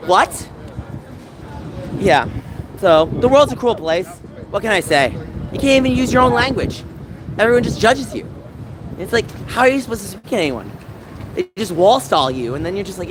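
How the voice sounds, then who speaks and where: A man's voice: high voice, very animated, moderate pace, pauses often, noisy background. A man livestreaming, chatting casually with his viewers and venting in a rambling, aggrieved way. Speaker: gaming livestreamer. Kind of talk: casual livestream chat reading live chat. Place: San Francisco.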